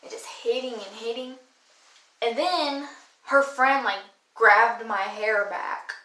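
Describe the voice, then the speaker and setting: A woman's voice: fairly high pitch, takes it slowly, bright, forceful tone. A young woman vlogger telling a story in a casual, blunt, slangy way, full of swearing. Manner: blunt, profane, slangy retelling. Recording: echoey room.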